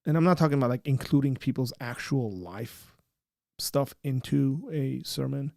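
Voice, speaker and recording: A man hosting a casual podcast, animated and quick to laugh, then turning earnest. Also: mid-range voice, creaky, no echo, studio quality. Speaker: podcast host. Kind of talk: casual chat.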